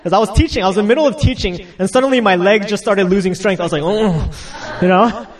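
Young male pastor, chatty and laughing, slightly high voice, recorded from a distance. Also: racing. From United States. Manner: chatty, laughing asides, acts out quotes. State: getting over a cold. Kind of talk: casual sermon.

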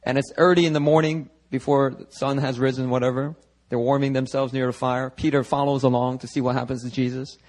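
A man preaching a sermon at a church service, lively and conversational, acting out the voices of biblical figures as he goes. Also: mid-range voice, brisk, poor audio. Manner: animated, acts out voices of biblical figures, talks to the congregation. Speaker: pastor.

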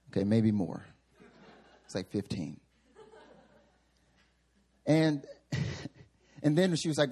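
A man's voice: a little high, big pitch swings, normal speed, long pauses, a little mellow, slightly rough. A male pastor giving a sermon in a church sanctuary, telling humorous, self-mocking stories.

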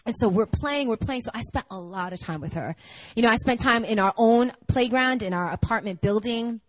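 A young adult woman preaching in a chatty, animated storytelling style, her speech full of "like" and quick asides. Her voice sits fairly high. The sound is dry and close. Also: dry recording, poor audio. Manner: chatty, animated, peppered with "like" and laughter. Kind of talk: conversational sermon with storytelling.

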